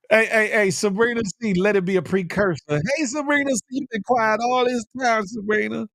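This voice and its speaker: A man's voice: high voice, brisk, gravelly, a bit bright. Playful man reading live chat. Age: middle-aged. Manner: playful, laughing, slangy banter with viewers. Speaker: host of a morning livestream show.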